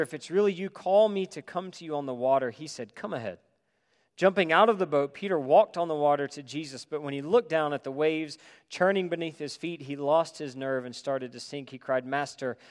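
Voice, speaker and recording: A male pastor preaching a sermon, moving between loud emphatic passages and quiet, hushed reflection. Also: on the high side, in a large hall.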